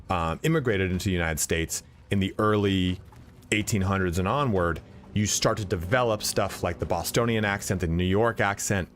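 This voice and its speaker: Low-voiced dude chatting while he plays, swears a lot, ums everywhere, faint music behind. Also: fairly bright tone. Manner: rambling, profane, lots of fillers and restarts. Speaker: game streamer. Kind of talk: casual chat while playing. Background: faint game music.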